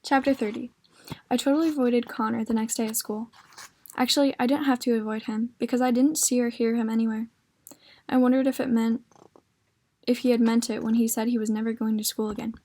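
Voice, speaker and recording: A woman reading a novel aloud at a library, in steady first-person narration. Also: fairly high pitch, brisk. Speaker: library reader.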